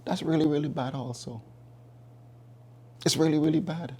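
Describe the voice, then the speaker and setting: Male preacher with a mellow, husky voice, emphatic, repeats points for weight. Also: on the high side, moderate pace. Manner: emphatic, repeats key phrases, reasons with listeners. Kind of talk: sermon.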